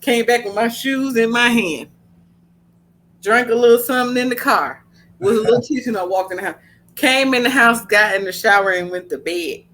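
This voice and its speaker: Woman podcast host, punchy and blunt, bright edge to the voice. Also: fairly high pitch, brisk. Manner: blunt, animated storytelling with slang. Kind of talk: casual podcast chat.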